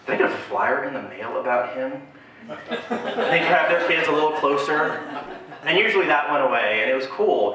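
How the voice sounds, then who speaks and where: Lively high-voiced male stand-up comic. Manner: animated storytelling, acting out voices. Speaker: stand-up comedian. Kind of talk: stand-up comedy set. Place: live venue on stage. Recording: very echoey live venue, distant mic.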